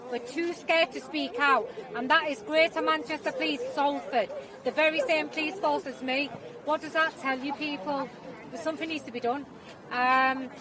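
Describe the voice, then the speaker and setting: A woman campaigner speaking forcefully and rhetorically to a crowd outdoors at a protest. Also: high voice, far from the mic, low-quality recording. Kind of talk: public speech to a crowd. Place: outdoors on a city street at a protest. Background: crowd noise.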